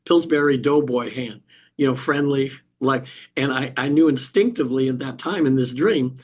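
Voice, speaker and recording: An older man with a husky, breathy voice recounts a personal experience as an interview guest. He speaks in a middle register, stopping and restarting often and clearing his throat between thoughts. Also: medium pitch, moderate pace, a little mellow. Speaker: hypnotherapist guest. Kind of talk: emotional personal storytelling in an interview.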